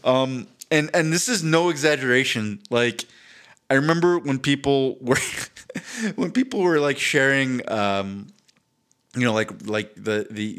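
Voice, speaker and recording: A middle-pitched man talking casually on a podcast. He is animated and swears freely. He restarts his sentences and slips into joking put-on accents mid-thought. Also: clean tone. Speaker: podcast co-host. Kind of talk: casual chat.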